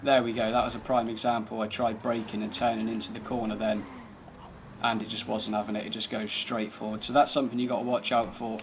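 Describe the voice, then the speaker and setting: A man's voice: lowish voice, level tone, a little fast, noisy background. A man giving casual, laid-back commentary over gameplay, thinking aloud as he drives and tests a car. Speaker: gaming channel host.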